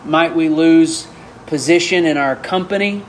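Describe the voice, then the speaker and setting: Middle-aged pastor, higher voice, unhurried and emphatic, faint room hum behind. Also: male voice. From Arkansas. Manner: emphatic preaching with rhetorical questions. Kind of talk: sermon.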